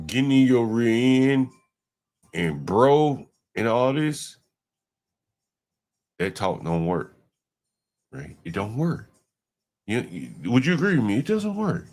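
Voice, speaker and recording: Animated blunt man reacting on stream. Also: medium pitch, measured pace, long pauses. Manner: animated, blunt, slangy, talks back at clips. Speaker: livestream host. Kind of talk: casual reaction commentary.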